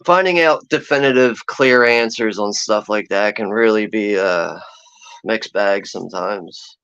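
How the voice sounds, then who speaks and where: A man's voice: lowish voice, measured pace, fairly bright tone, clear, resonant tone. A man chatting casually and profanely on a livestream, rambling and laughing as he talks. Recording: dull lo-fi sound.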